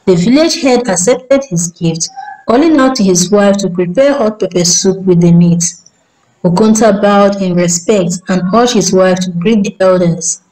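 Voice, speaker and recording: A woman tells a folk tale in a steady, measured way. Her voice sits at a middle pitch with a dark, mellow tone. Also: poor audio. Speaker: storyteller. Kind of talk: scripted story narration.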